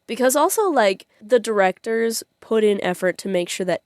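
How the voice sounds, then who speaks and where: A woman's voice: fairly high pitch, expressive, normal speed, no room sound, studio quality. A young woman chatting casually on her vlog, rambling with fillers and frequent giggles. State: tearful at times. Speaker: vlogger.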